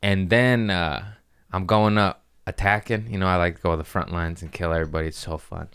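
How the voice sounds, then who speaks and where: Low-voiced man telling animated stories. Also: brisk, smooth. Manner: animated, profane, acts out quoted voices. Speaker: comedian podcast host. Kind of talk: casual storytelling.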